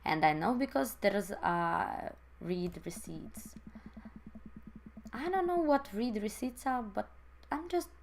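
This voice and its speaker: A woman reading a goofy, gravelly-voiced dad. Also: mid-range voice, animated, takes it slowly, slight background noise. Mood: bemused. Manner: jokey, fumbling, tries hard to be supportive. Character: goofy, earnest middle-aged single dad.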